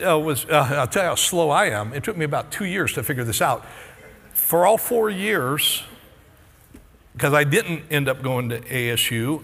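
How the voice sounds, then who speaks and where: A man's voice: medium pitch, fairly bright tone, breathy edge. A middle-aged male pastor preaching a sermon, telling a personal story and earnestly pleading with his congregation. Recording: long reverb of a large hall.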